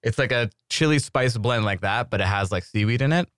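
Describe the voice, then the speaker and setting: A man's voice: mid-range voice, a little fast, fairly bright tone, clear, resonant tone, dry recording, clean studio sound. A man chatting casually as a podcast co-host, joking and rambling with lots of restarts. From Iran. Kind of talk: casual chat.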